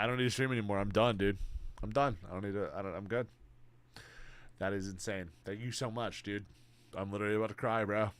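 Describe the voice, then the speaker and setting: A young man with a lowish voice streams live, reading and answering chat. He's excitable and casual, swears freely, and calls everyone "bro."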